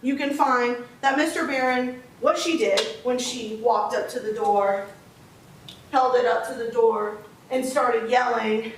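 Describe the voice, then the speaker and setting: A woman's voice: a little high, slight background noise. A woman prosecutor giving a closing argument to a jury, explaining the law step by step with emphasis. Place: courtroom. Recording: echoey courtroom audio from a distance.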